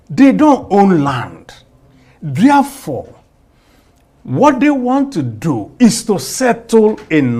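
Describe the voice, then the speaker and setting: A man giving political commentary in an interview clip, speaking slowly and deliberately. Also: sits high, a little mellow.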